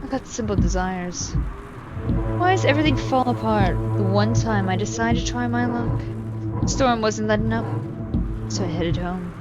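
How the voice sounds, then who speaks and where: A woman voicing a plain-spoken housewife who narrates a noir story in a flat, world-weary way. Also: mid-range voice, moderate pace, dull audio, over loud music, close to an everyday voice. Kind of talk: voiced game narration.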